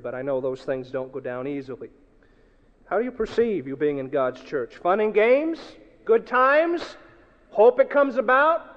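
A man preaching a sermon to a congregation, swinging from loud to hushed and acting out the people he quotes. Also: mid-range voice. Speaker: pastor. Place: church hall. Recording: dull, echoey hall recording.

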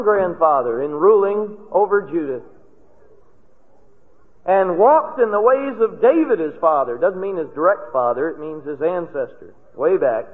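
An older man delivers a sermon in a folksy, storytelling way, leaning hard on key words when he makes a point. His voice sits fairly high. The recording is thin and tinny, with a long reverb from a large hall. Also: expressive, a little slow. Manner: folksy storytelling, rising to emphatic stresses. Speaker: preacher. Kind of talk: sermon with personal stories.

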